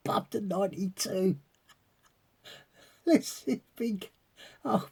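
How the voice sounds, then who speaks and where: A man with a high, slightly rough, somewhat mellow voice and vocal fry speaks slowly, pausing often, in his coin-collecting vlog. He chats casually, rambles as he peers through a magnifier, and repeatedly breaks into giggles.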